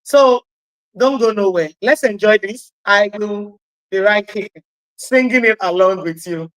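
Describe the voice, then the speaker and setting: A woman hosting a radio talk show, chatty and encouraging, with a loud voice. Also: mid-range voice, unhurried, no room sound, low-quality recording. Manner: encouraging, chatty, laughs at herself. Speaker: radio host.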